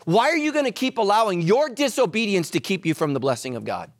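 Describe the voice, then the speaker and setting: A male pastor delivering a sermon with a high, lively voice that climbs and drops. He tells his stories with humor and swings from loud emphasis to hushed asides. The recording is dry and close, with no room echo. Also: quick pace, few pauses.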